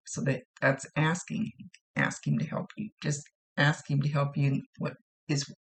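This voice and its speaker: A woman psychic medium giving a gentle, reassuring spoken reading to a viewer, often repeating herself. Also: deep voice, flat delivery, moderate pace.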